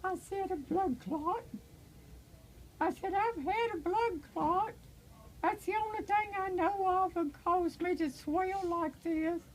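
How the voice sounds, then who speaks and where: An older woman with a very high, thin voice tells her personal testimony as an evangelist. She speaks slowly and haltingly, fills her pauses with fillers, and turns tearful in places. A faint hiss sits under her voice. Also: poor audio.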